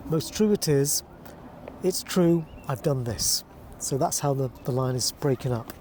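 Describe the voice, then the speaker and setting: A man with a fairly high but mellow voice talks through a verse lesson, breaking off to read lines slowly and with care. Faint traffic noise sits behind him. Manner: explains calmly, then reads lines aloud slowly and deliberately. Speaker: teacher.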